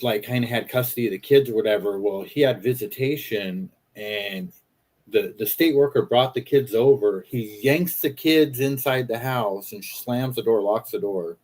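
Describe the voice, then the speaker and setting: A man's voice: on the low side, darkish tone. A man co-hosting a livestream who tells stories casually, loose and full of fillers. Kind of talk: casual chat.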